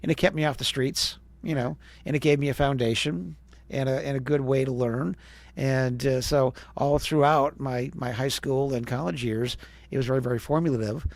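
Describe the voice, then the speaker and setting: A man's voice: mid-range voice, fairly even intonation, moderate pace, gravelly, dry recording. A man in his fifties from Wisconsin, a former radio DJ, telling stories as a podcast guest and acting out the voices of the people he quotes. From Wisconsin, USA. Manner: chatty storyteller who acts out quoted voices. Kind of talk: storytelling interview.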